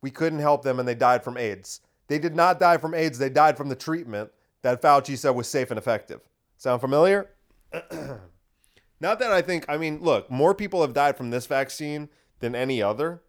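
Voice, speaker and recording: A man hosts a podcast at a normal pace, his slightly high voice carrying lively intonation. He goes on a sarcastic, opinionated rant, leaning heavily on rhetorical questions.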